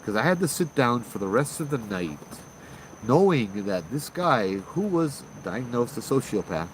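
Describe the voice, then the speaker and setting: A man's voice: mid-range voice, sing-song, unhurried, a little hiss or hum, poor audio. A man, hosting a channel of ghost stories, tells a personal encounter in a chatty, casual way, acting out the dialogue. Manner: chatty, acts out dialogue with fillers and restarts. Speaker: ghost story host. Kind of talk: casual spoken storytelling.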